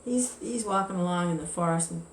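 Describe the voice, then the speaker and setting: A woman teaching a devotional scripture class, telling a story in a relaxed, chatty way. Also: on the low side, a little fast. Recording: echoey room with faint ambience.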